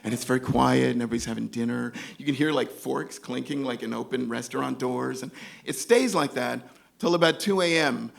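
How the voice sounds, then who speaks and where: Animated storyteller man, gravelly voice. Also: mid-range voice, brisk. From New York. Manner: animated, acts out other characters' voices. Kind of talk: live comedic storytelling.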